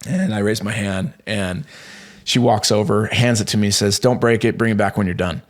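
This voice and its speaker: A man in his thirties tells a personal story on a podcast in a lowish voice. He rambles and restarts, piling up fillers as he goes, and gets animated in the telling. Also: moderate pace. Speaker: podcast guest. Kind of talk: casual storytelling.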